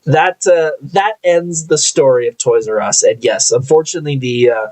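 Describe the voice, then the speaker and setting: A young man hosting a live podcast, telling a workplace story in a blunt, animated way and swearing casually. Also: a little high, moderate pace, low-quality recording. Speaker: podcast host.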